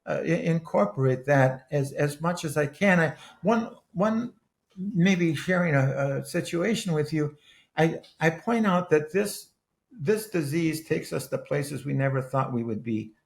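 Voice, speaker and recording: This Wisconsin author and ex-politician, now in his eighties, trades stories in a conversational podcast interview, earnest and meandering with frequent restarts. He speaks unhurriedly in a slightly high voice with lively intonation and some vocal fry.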